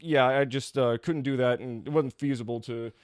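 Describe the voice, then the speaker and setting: A man's voice: mid-range voice, steady tone, normal speed, clear, resonant tone, dry recording, studio quality. A young man from Kentucky, a former pro wrestler, telling stories as a guest in a loose, casual chat full of "like" and "uh", often laughing.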